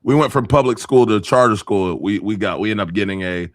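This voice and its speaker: A man's voice: lowish voice, a little fast, no room sound. A man co-hosting a casual podcast, joking around in slangy talk and laughing often. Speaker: podcast co-host. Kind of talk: casual chat.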